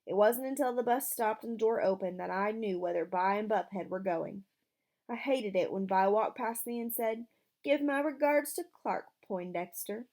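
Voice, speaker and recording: Woman reading a novel aloud. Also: moderate pace. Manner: voices characters with shifts in pitch and loudness. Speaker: audiobook reader.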